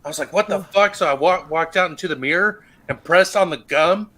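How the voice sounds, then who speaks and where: A man's voice: fairly high pitch, a little fast, bright, forceful tone. A man co-hosting a casual livestream, telling a loose story full of swearing and acted-out quotes. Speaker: co-host of a chill stream.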